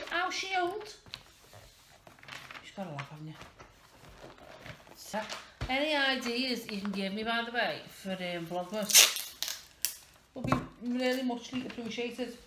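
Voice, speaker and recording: A woman in her thirties, chatting casually and rambling in a self-mocking way as a vlogger while wrapping presents at home. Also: a little high. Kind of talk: casual vlog chat. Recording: echoey room with clear background noise.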